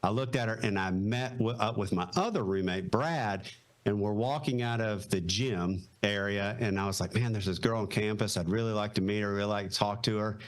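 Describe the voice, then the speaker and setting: A man's voice: fairly low pitch, fairly quick. Easygoing Southern man telling stories. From North Carolina, US. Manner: easygoing, many fillers, retells quotes. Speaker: podcast guest, retired Marine helicopter pilot. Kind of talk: casual storytelling interview.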